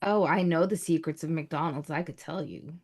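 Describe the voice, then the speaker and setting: A woman's voice: low voice, normal speed, darkish tone. Teasing, playful woman on a panel. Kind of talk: casual chat.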